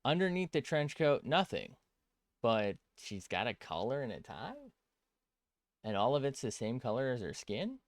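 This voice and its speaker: A man's voice: mid-range voice, very animated, moderate pace, no room sound. A man chatting casually as an art streamer while drawing on a tablet, rambling, cutting himself off mid-sentence and swearing freely.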